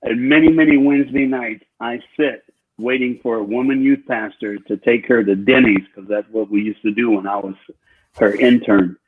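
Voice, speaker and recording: A husky man speaking as a guest preacher, driving his points home by repeating them. His voice comes through a tinny, phone-like call line. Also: mid-range voice, fairly even intonation, normal speed. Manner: emphatic, repeats phrases. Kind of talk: preaching storytelling.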